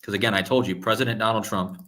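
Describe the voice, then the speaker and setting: A man's voice: lowish voice, steady tone, bright, forceful tone. A man hosting a live stream, talking insistently to his viewers, repeating himself often and stopping to restart his sentences. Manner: insistent, repeats "okay?" and "guys", halting restarts. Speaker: numerology video host. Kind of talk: live-stream screen-share monologue.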